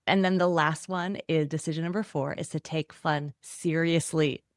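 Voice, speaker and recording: A middle-aged woman, a guest author in a podcast interview, talking in an animated way and acting out quoted voices. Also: low-pitched, normal speed, dry recording, clean studio sound.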